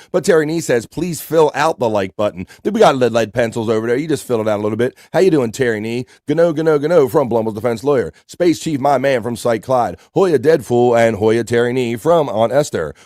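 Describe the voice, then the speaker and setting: A man's voice: mid-range voice, noisy background. A man with a US East Coast accent hosting a casual livestream, upbeat, reading chat messages aloud and greeting people by name. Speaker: livestream host.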